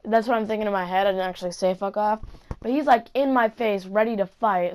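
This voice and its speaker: A woman's voice: medium pitch, fast. A woman vlogger telling a story to camera in a casual, rambling way, swearing constantly. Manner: heavy swearing, rambling asides.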